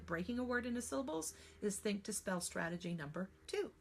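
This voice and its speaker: A woman's voice: medium pitch, brisk, a little hiss or hum. Chatty American woman teaching spelling. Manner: chatty and animated, slips into playful silly voices. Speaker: spelling trainer. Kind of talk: teaching a live online class.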